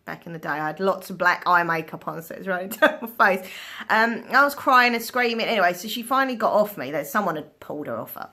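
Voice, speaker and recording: Bright, chatty woman vlogging. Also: medium pitch, fast. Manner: chatty, animated, laughs often, swears casually. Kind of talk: casual storytelling chat. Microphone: phone.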